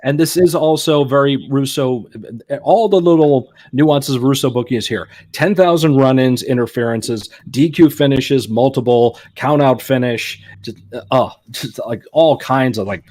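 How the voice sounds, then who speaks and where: A man co-hosting a casual podcast, chatting with quick asides. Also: mid-range voice, darkish tone. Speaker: podcast co-host.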